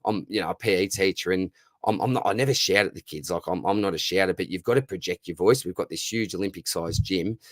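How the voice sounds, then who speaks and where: Hoarse Australian man, matey. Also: low-pitched, fast talker, dry recording, studio quality. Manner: matey, chummy, calls everyone mate and brother. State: hoarse, losing his voice. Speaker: livestream host answering viewer questions. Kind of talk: casual livestream Q&A.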